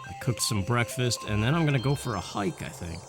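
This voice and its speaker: A man's voice: fairly low pitch, lively intonation, a little fast. A young man hosting a let's play, giving rambling, casual gameplay commentary and thinking aloud. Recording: game music behind.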